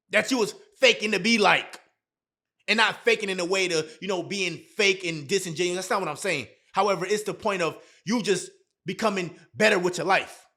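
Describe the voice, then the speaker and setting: High-pitched young male vlogger, emphatic motivational advice, repeats his punchlines, slangy and blunt. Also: sharp tone. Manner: emphatic and repetitive, heavy slang. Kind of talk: motivational advice talk to camera.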